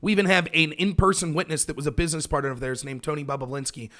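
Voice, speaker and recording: A man hosting a political livestream, talking in a sarcastic, animated way and mocking his opponents. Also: on the high side, rapid-fire. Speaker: host of a political talk show.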